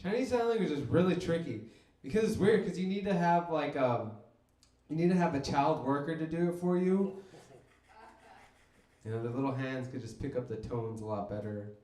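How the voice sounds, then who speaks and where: Dry deadpan guy doing stand-up, voice a bit high, echoey room. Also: normal speed. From Mexico. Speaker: stand-up comedian. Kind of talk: stand-up comedy set. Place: comedy club stage.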